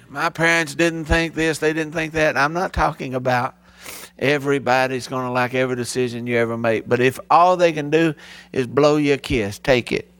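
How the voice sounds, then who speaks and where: Gravelly man preaching a heartfelt sermon. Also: a bit bright, no echo. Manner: emotional storytelling preacher, voice rising high when stirred. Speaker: pastor.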